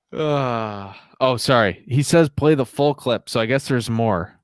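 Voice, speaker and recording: A man's voice: medium pitch, slow pace, smooth, no room sound. A young man hosting a casual podcast, rambling and laughing a lot as he talks. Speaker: podcast host. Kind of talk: casual chat.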